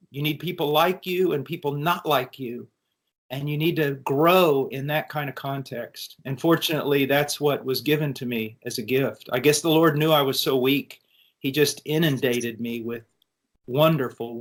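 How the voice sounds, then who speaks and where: A man speaks with a fairly high pitch as he tells a personal testimony. He is an earnest preacher addressing college students, and he often breaks off and restarts his sentences. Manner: earnest storytelling with frequent restarts.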